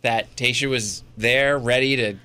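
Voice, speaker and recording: A man's voice: medium pitch, fairly even intonation, measured pace, bright, forceful tone, smooth. A man co-hosting a podcast in casual chat, with a wry, joking manner. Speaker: podcast co-host.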